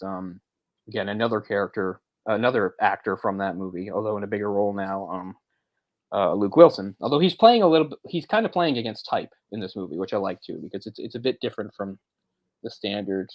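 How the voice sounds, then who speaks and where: A man's voice: fairly low pitch, dry recording, rough recording. A man co-hosting a movie discussion podcast, talking in a rambling, self-correcting way with frequent chuckles. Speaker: podcast co-host.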